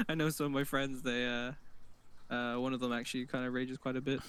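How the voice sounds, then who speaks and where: A man's voice: mid-range voice, little pitch movement, moderate pace, fairly bright tone, smooth. A man guest in a casual podcast chat, laughing often and hesitating with lots of fillers. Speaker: streamer guest.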